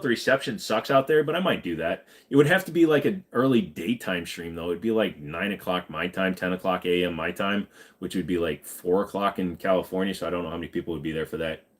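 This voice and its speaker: A man's voice: sits low, a little fast. A man in his forties, tired after hours of live streaming, chatting casually and joking as he reads out viewer comments, swearing freely.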